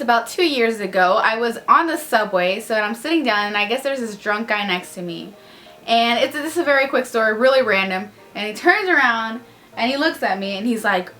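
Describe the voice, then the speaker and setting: A woman's voice: fairly high pitch, bright, forceful tone. A young woman telling stories casually to her vlog viewers, chatty with many fillers and acted-out dialogue. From United States. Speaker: vlogger. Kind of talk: casual storytelling.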